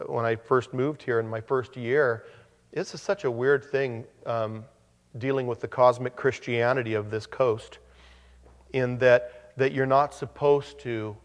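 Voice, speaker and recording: A man's voice: mid-range voice, big-room sound. A man preaching a sermon as pastor, in a conversational manner with joking asides.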